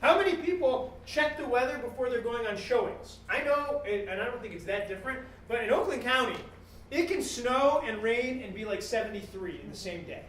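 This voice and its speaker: A man giving a joking, animated business keynote to a live audience, acting out customer exchanges as he goes. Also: very high-pitched, fairly quick, slight background noise. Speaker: guest speaker at a business talk series. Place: event room with a live audience. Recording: echoey room, mic at a distance.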